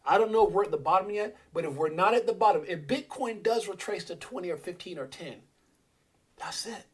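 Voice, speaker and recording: Husky, fired-up man preaching on a livestream. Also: sits high, brisk. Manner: preachy, fired up, shouting out chat viewers by name. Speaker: crypto livestream host. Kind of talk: energetic motivational livestream rant.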